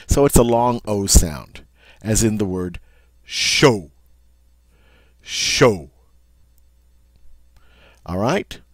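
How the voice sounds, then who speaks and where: Male language tutor, low voice, patient step-by-step delivery, dry close recording. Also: darkish tone, dry recording. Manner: patient, checks in with "all right?". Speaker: French teacher. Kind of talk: explaining language lesson.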